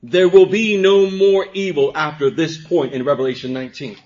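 A man preaching a sermon as pastor, dropping to quiet, drawn-out phrases and then rising to emphatic exclamations. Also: a little high, fairly even intonation. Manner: swings from hushed to emphatic, with stretched pauses. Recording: dull lo-fi sermon recording.

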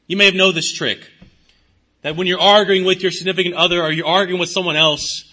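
A pastor delivering a sermon in a high, piercingly bright voice with a husky edge. He preaches with emphatic swings of pitch and loudness, slipping into the voices of the people he describes. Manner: preaching with dramatic shifts in pitch and volume, voicing imagined speakers.

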